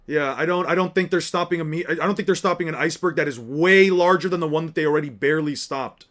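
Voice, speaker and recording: Bright-voiced male anime commentator. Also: a little high, quick pace. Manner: animated, rambling with restarts. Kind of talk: casual fan commentary and debate.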